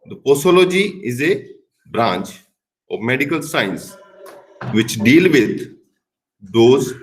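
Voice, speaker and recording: On a rough recording, a middle-aged pharmacy professor with an Indian English accent and a medium-pitched voice gives a recorded lecture. He stresses key words and occasionally slips into Hindi.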